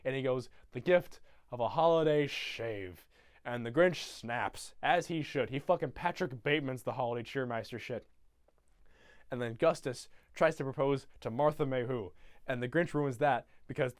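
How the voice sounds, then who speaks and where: A man's voice: medium pitch, moderate pace, dry recording, studio quality. A young man casually retelling a film from memory, rambling with many fillers and swearing. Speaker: YouTuber.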